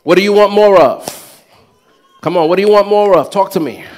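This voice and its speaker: Pastor, male, high voice, preaching with call-and-response and shouted peaks. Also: moderate pace. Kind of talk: sermon. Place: church.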